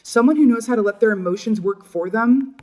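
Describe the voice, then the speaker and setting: A woman's voice: on the high side, fairly quick, warm tone. Chatty woman giving a tarot reading. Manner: chatty, often adds "right?" and "you know"; laughs often while talking. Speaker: tarot reader. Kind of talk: casual tarot reading to camera.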